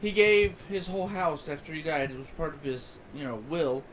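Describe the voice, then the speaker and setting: A man's voice: a little high, animated, normal speed, rough recording. A man co-hosting a podcast in casual chat, rambling and opinionated. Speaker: podcast co-host. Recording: noticeable background noise.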